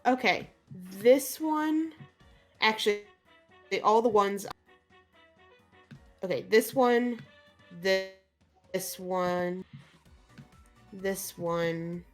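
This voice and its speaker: A woman runs a tabletop game, narrating slowly and easily. She pauses often and laughs along, with faint music under her voice. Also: medium pitch. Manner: relaxed narration with frequent "uh" and laughs. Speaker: game master.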